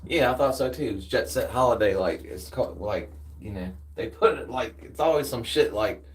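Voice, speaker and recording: A man's voice: mid-range voice, expressive, brisk. A man with a Southern US accent chatting casually with viewers, laid-back and slangy, tired after a workout. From United States. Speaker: streamer. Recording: distant from the mic.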